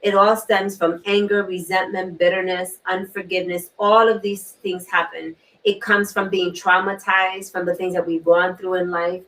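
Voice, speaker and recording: A woman hosting a talk show, sharing a personal story in an earnest way, repeating key words and often clearing her throat. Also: mid-range voice. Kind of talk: personal testimony in a panel talk. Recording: distant mic.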